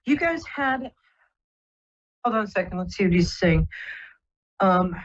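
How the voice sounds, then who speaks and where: Female psychic host, gentle and reassuring, husky voice, dull broadcast audio. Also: medium pitch, lively intonation, measured pace. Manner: gentle, reassuring, rambling with many fillers. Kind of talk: live call-in psychic reading.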